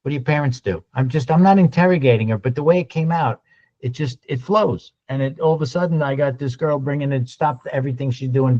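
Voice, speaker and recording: A man giving a lunch-and-learn sales talk, animated and acting out little dialogues as he goes. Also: mid-range voice, highs cut off. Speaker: sales trainer.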